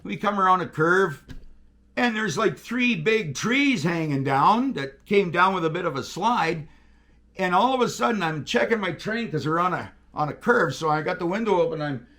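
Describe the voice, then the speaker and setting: A man telling railroad stories in casual chat, animated and profane, acting out radio calls. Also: high voice, normal speed. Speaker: guest, railroader.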